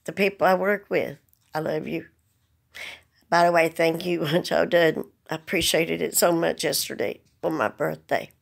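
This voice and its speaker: A woman's voice: low-pitched, steady tone, normal speed, vocal fry, hardly any pauses. A woman speaking earnestly to the camera, holding back tears as she pleads. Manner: earnest, pleading, plain-spoken. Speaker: vlogger. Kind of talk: emotional direct-to-camera message.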